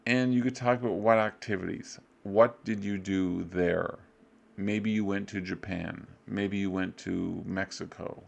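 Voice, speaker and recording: Slow, gravelly-voiced male English teacher. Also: steady tone. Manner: loose and offhand, fills gaps with "blah, blah"; acts out short student replies with jumps in pitch. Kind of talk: casual review lesson.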